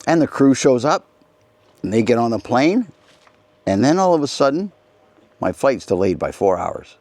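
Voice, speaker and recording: A man's voice: medium pitch, sing-song, moderate pace, darkish tone, no echo. A middle-aged man hosting a casual rambling monologue, telling anecdotes with frequent restarts and asides. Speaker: host.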